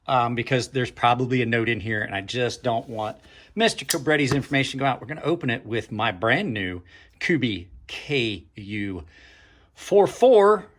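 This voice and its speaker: A knife reviewer and channel host opens packages in a casual unboxing vlog, speaking to viewers in a medium-pitched, fairly bright voice with lively intonation at normal speed. He thinks aloud, trails off mid-sentence, and drops dry, sarcastic asides.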